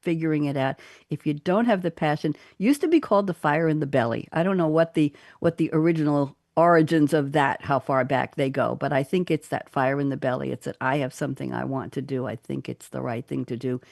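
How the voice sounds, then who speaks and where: A woman hosting a business talk radio show, animated and expressive as she reads out quotes. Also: low-pitched, fairly quick, vocal fry, few pauses, dry recording, studio quality. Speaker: host.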